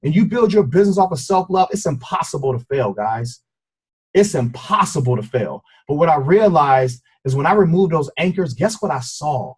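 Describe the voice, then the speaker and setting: A middle-aged man giving an earnest, intense personal testimony on a team call, speaking in an everyday register with a husky voice. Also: a little high, animated, moderate pace. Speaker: guest speaker. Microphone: conference call.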